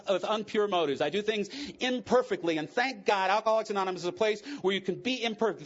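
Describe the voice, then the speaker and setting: A middle-aged man with a high voice shares candid, funny and emotional stories from his own life in a testimony talk at a recovery convention. The audio sounds dull.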